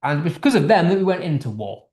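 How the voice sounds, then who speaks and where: A man's voice: fairly high pitch, sing-song, racing, a little mellow, echoey room. A man teaching English literature in a casual online lesson, explaining a text line by line in a chatty way with restarts, from the United Kingdom.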